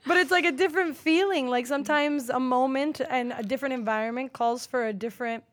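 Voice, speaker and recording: A woman co-hosting a podcast, speaking in an animated, opinionated way and giving advice. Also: sits high, fast talker, a little hiss or hum. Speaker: podcast co-host. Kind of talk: casual chat.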